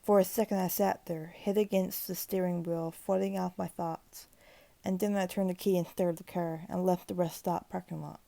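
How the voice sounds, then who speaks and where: A woman reading a creepypasta aloud in a steady, grim narration with occasional restarts. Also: on the low side, normal speed, creaky, dry recording. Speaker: horror story narrator.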